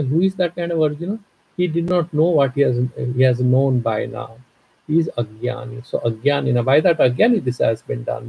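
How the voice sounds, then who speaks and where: A man's voice: medium pitch, gravelly, warm tone, breathy edge, poor audio. A man teaching a scripture class, explaining verse by verse and acting out little dialogues in a playful way. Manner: explains verse by verse, mixing Sanskrit and Hindi with English.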